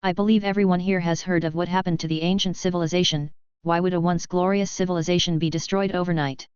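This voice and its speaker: A woman voicing a stern, cold male battalion commander with a severe voice, in a measured, even delivery. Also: on the low side, clear, resonant tone, dry recording, lightly acted. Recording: slightly dull dry recording.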